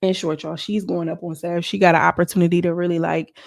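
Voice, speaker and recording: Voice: medium pitch, level tone, quick pace, creaky, no room sound, clean studio sound. A vlogger recapping a reality show in a casual, slangy, gossipy way, talking straight to the viewers. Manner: slangy, chatty, addresses viewers as girl. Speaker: show reviewer.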